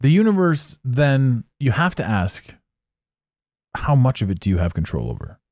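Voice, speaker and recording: A man hosts his own podcast in a loose, rambling monologue, swearing and chuckling at his own lines. His pitch swings widely as he talks. The sound is dry and close to the mic. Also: moderate pace, no room sound. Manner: animated, swearing, laughing at his own jokes. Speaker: podcast host.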